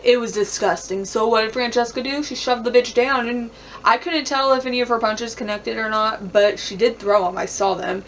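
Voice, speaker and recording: A woman's voice: on the high side, steady tone, moderate pace, a little hiss or hum. A woman recapping a reality show in a casual vlog, talking bluntly with lots of swearing and "like", and laughing often. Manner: blunt, profane, heavy use of "like".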